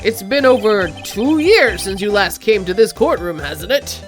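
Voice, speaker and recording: A woman's voice: medium pitch, animated, unhurried, lightly acted. A woman voicing a fussy elderly male judge who talks formally and stammers a little, with faint game music behind. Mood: flustered. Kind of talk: reading game dialogue aloud.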